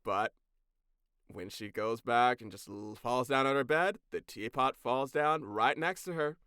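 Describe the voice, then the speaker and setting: A man co-hosting a podcast, recapping a cartoon episode in a casual, sarcastic, animated way. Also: medium pitch, unhurried, smooth, no room sound, studio quality. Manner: animated, sarcastic storytelling with profanity. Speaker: podcast co-host.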